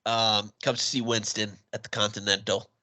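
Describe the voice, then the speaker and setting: A man's voice: on the low side, little pitch movement, pushed and bright, dry recording. A man co-hosting a movie podcast, retelling a film's plot in casual chat and laughing often. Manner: laughs often, quick asides. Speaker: podcast co-host.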